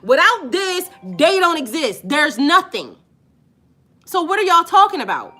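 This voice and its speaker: High, bright-voiced blunt woman. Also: big pitch swings, faint music behind. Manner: blunt, emphatic and profane, drawn-out stresses. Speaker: spiritual life coach. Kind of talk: casual unscripted video talk to viewers.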